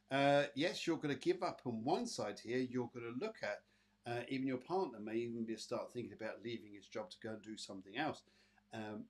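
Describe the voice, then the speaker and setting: Chatty, husky-voiced British man. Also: mid-range voice. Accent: British English. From Britain. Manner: chatty, addresses viewers by name, many fillers. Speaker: psychic medium and show host. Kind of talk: live-streamed casual readings to viewers.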